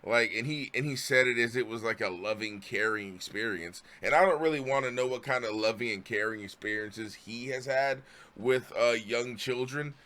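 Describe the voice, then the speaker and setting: A man's voice: medium pitch, normal speed, bright, forceful tone. A man streaming his reactions to a video, ranting profanely and sounding exasperated. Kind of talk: live stream commentary.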